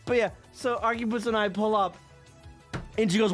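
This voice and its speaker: An animated male streamer tells casual stories on a live stream at a measured pace, his fairly high voice rising and falling a lot. He swears freely and laughs often as faint music plays behind him.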